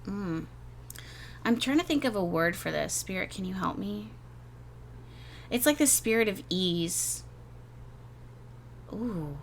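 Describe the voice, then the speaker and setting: A woman's voice: mid-range voice, animated, takes it slowly, gravelly, long pauses. Gushing woman doing a casual tarot reading, repeats herself a lot, little bit of background noise. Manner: rambling, gushing, repeats words, many fillers. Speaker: tarot reader.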